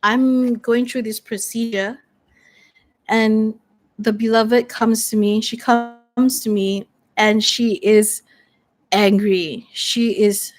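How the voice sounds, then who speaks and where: A woman's voice: mid-range voice, little pitch movement, takes it slowly, pauses often. A woman playing through a solo tabletop story game, thinking aloud hesitantly as she reads tarot cards.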